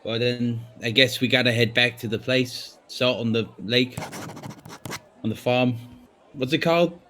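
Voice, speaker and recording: A man's voice: mid-range voice, measured pace, fairly bright tone, a little hiss or hum. Jokey man playing a tabletop game. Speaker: player. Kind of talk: casual tabletop chat.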